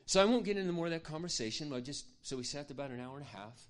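A man preaching, telling a personal story in an earnest, confiding way that often drops to a hush. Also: fairly high pitch, expressive, quick pace. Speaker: pastor. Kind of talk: sermon storytelling.

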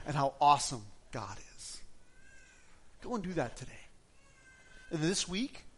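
A middle-aged male pastor preaching a sermon in a conversational, storytelling way, often restarting his sentences. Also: a little high.

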